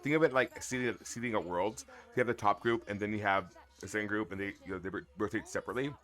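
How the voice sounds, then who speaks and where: A man with a bright, forceful voice talks loosely to his live-stream chat. He jokes and calls his viewers y'all, and his pitch sits in a middle range. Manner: chatty, joking, addresses chat as y'all. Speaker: livestream host. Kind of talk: casual watch-along chat.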